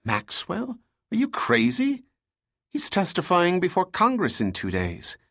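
A man's voice: mid-range voice, very animated, moderate pace, fairly bright tone, dry recording. Bob: male narrator doing a dry, cautious male scientist, mid voice, no room sound. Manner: dry, skeptical, urging caution.

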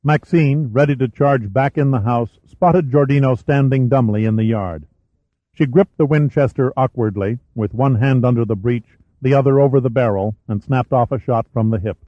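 Male narrator, mid-pitched, steady thriller read, close dry booth. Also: normal speed, dry recording. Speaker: audiobook narrator. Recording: dry, slightly muffled studio recording.

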